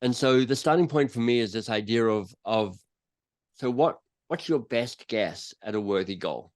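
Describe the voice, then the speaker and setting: A man's voice: medium pitch, moderate pace. A man speaking as a guest author and coach in a podcast interview, telling stories and acting out little quotes as he goes. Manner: animated storyteller who acts out quotes.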